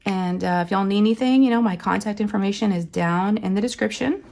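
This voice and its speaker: Hoarse, raspy woman chatting. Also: mid-range voice, fairly quick, a little mellow. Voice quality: raspy, scratchy. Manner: rambling and chatty, full of fillers, says y'all. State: hoarse from illness. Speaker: crafting channel host. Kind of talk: casual chat while diamond painting.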